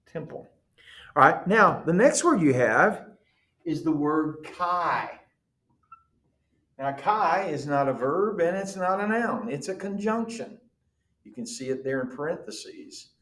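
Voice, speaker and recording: A man's voice: a little high, animated, slow pace, a bit bright, echoey room. A man teaching a class, explaining patiently and checking in with the students. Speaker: Greek teacher. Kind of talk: classroom lecture.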